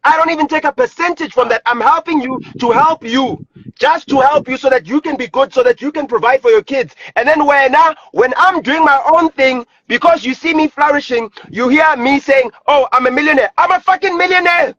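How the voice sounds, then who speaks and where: A man's voice: very high-pitched, brisk, a bit bright, no room sound, dull audio. A South African man ranting angrily on a live stream, repeating himself and swearing. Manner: angry, repetitive, swearing. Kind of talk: heated rant on a live stream. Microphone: phone.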